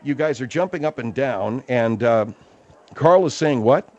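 A man's voice: mid-range voice, lively intonation, unhurried, a little mellow. A man hosting a comic radio call-in show, questioning a guest in a mock-serious way. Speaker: radio host. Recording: dull radio audio, faint hiss.

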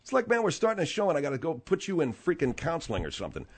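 A man's voice: fairly high pitch, huge pitch swings, racing, husky. A middle-aged man hosting a talk show, explaining things in a rambling way full of fillers, his voice slightly strained. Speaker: radio talk show host. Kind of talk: casual talk show chat.

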